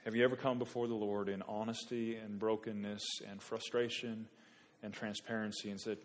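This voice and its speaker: A man preaching a sermon, moving from quiet reflection to loud, pleading rhetorical questions. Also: lowish voice, flat delivery, normal speed, slight background noise. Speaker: pastor.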